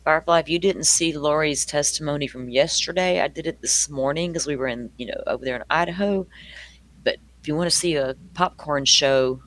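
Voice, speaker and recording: A man's voice: a little high, a little fast, a bit bright. An older man with a Southern US accent, hosting a true crime livestream and chatting casually with viewers, laughing often and greeting them by name. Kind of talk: casual chat with live viewers.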